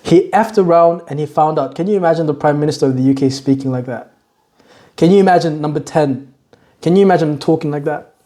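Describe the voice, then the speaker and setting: A young man reacting to news clips in a loose, joking way, full of slang and teasing asides. His voice sits a little high but has a mellow, dark tone that stays relaxed even when he laughs. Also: fast talker. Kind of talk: casual reaction commentary.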